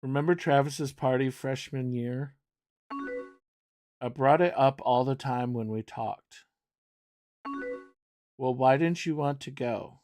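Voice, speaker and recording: A man reading the lines of a heartbroken young woman friend in a game, quiet and subdued. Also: medium pitch, slow, pauses often, a little hiss or hum, lightly acted. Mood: sad.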